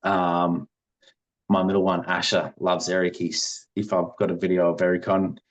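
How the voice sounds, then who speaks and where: A man's voice: sits low, little pitch movement, normal speed. A middle-aged man, telling his story as a podcast guest in an earnest, rambling way. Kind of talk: conversational interview.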